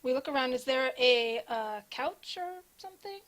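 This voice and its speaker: A woman's voice: high-pitched, lively intonation, moderate pace, fairly bright tone. Woman player in a tabletop game. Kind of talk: casual role-play.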